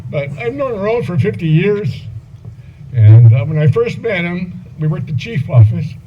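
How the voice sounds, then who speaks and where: A man's voice: high voice, sing-song, moderate pace. Older man telling memorial stories, muffled. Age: 70s. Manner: rambling anecdotes with frequent chuckles and fillers. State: voice breaking with emotion at times. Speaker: eulogy speaker, old friend and former police partner. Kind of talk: memorial eulogy storytelling. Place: memorial gathering. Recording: muffled event recording with loud background noise.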